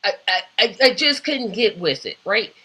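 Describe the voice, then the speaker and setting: Woman host, bright tone, chatty rambling opinions, fillers throughout. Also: mid-range voice, sing-song, normal speed, husky. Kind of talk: casual solo talk show.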